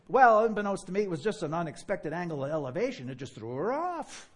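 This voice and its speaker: Husky new york guy preaching, voice jumps all over, kinda high for a man. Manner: animated and fast-talking, with laughter and mock dialogue. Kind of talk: sermon.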